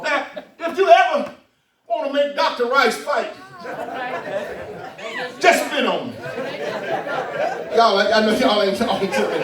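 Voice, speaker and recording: Man, pastor, high voice, shouted preaching, distant mic, church music and crowd behind. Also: measured pace, long pauses. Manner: shouting call-and-response preaching, folksy storytelling. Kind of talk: preaching sermon. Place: church sanctuary. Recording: echoey church with organ and congregation, mic far off.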